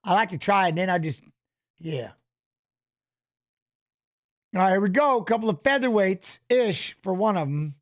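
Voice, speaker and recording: Brief: high-pitched male host, casual rambling watch-along chat, keeps saying "you know what I mean". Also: animated, normal speed, pauses often. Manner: loose, rambling, chats with viewers, reads fighter stats aloud.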